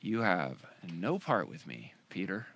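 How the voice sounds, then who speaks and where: A man voicing a calm, gentle male teacher, speaking softly, low and slowly. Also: creaky, slightly rough, full character voice. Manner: soft, low, slow and patient.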